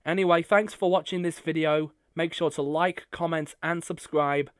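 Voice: medium pitch, fairly even intonation, moderate pace, no echo, studio quality. A YouTuber talking casually to camera, gushing and effusive with thanks. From United Kingdom. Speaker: YouTuber opening fan mail. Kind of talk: casual vlog talk to camera.

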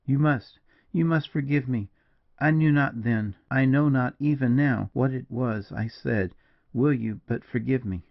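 A man's voice: medium pitch, moderate pace, few pauses, no room sound, natural voice. A man voicing an impassioned, distraught young lady in a dull, dry recording of an audiobook. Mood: remorseful.

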